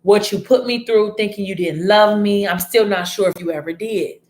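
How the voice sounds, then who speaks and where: A woman's voice: medium pitch, moderate pace, a little mellow, close to an everyday voice. A woman voicing a hurt young woman who earnestly confesses to her ex, in an echoey room.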